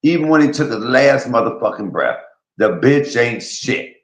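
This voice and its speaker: A man's voice: medium pitch, big pitch swings, moderate pace, reverberant, rough recording. A man hosting a stream, delivering a vulgar roast rant full of repeated taunts and insults. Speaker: streamer host.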